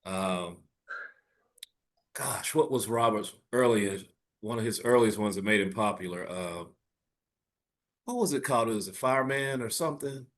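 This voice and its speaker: A man in his forties, co-hosting a podcast in a rambling, laid-back chat full of slang who often hunts for words. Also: mid-range voice. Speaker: podcast co-host. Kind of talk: casual chat.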